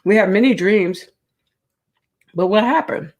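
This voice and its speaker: A woman's voice: mid-range voice, unhurried. A woman hosting a crochet livestream, chatting casually with viewers and reading their comments aloud.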